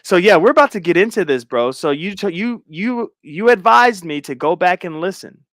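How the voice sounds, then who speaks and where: High-voiced slangy male stream host. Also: moderate pace, no echo, clean studio sound. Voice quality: high-pitched, whiny. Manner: animated, chatty, slangy. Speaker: show host. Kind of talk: casual livestream commentary.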